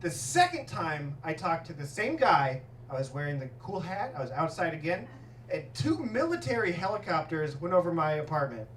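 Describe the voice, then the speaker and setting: A man doing a stand-up set, telling stories in an animated way and laughing at his own jokes in a comedy club. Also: a little high, moderate pace, a little hiss or hum. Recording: roomy club sound, mic at a distance, audience laughter.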